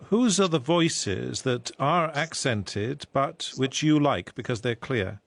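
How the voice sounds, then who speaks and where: A man conducts the interview with brisk, leading questions. His voice sits at a middling pitch. The sound is dry and close, with no room around it. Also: animated, vocal fry, no echo. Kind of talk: radio interview.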